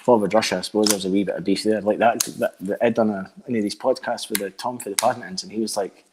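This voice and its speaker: Rambling, swearing Scottish man, lowish voice. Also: fairly even intonation, quick pace, noisy background. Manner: rambling, profane, heavy with filler words. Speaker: band frontman as guest. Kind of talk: casual chat.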